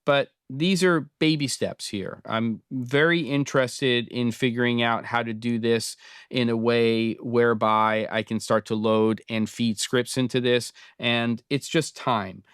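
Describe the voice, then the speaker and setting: A man in his fifties, from Britain, talks through his screen in a relaxed, meandering way, pausing on ums as he thinks. His voice is smooth and resonant at a middle pitch, recorded close and dry. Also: dry recording. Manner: relaxed, thinking aloud with many fillers. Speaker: host. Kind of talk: casual screen-recorded tutorial.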